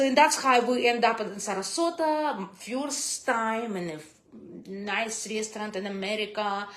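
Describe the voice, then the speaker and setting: Animated woman with a Russian accent. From Kazakhstan. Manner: animated, big swings in pitch and loudness, non-native grammar. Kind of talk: casual personal storytelling to camera.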